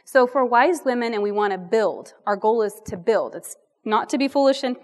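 A woman's voice: on the high side, expressive, moderate pace. Chatty woman teaching a sermon. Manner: chatty, self-deprecating, rambling asides. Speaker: women's ministry speaker. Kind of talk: sermon-style Bible teaching.

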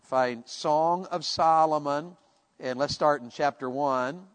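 A male pastor preaching a sermon, animated and jokey, now and then bursting into shouts. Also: fairly high pitch, slow, smooth. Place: large church hall. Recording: echoey church hall.

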